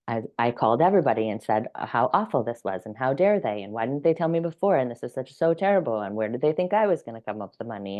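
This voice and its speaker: A woman with a notably low voice talks straight to camera in a relaxed personal vlog. She muses and reflects, working her thoughts out aloud, and often breaks into a laugh. The sound is a little muffled and lo-fi. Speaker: vlogger. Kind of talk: casual personal vlog monologue.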